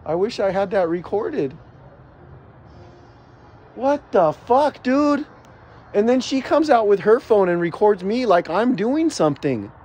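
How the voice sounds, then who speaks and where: A man's voice: high voice, lively intonation, normal speed, hardly any pauses, darkish tone, husky. A man filming himself outdoors in a city on his phone, shaken and agitated, rambling and swearing as he keeps circling back over the same points. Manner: agitated, profane, repeats himself. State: shaken, heart racing. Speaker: vlogger. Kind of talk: rambling self-filmed vent.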